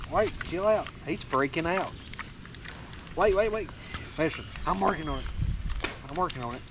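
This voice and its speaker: Excitable high-voiced man outdoors. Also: normal speed, pauses often. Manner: excitable, laughs a lot, coaxing. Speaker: vlogger feeding his pig. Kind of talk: casual outdoor vlog chatter. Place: outdoors on a rural homestead. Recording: loud outdoor noise.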